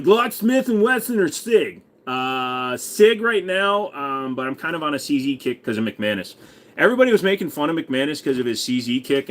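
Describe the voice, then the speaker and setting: A man chats casually on his own livestream, rambling from point to point. His talk is crude and profane and full of jokes, and his pitch swings up and down in a lively way. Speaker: livestream host.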